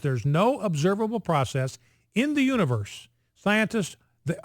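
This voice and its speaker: A man's voice: on the high side, no echo, studio quality. A male radio host giving an emphatic, repetitive monologue that drills each point home with insistent repetition. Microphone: studio microphone.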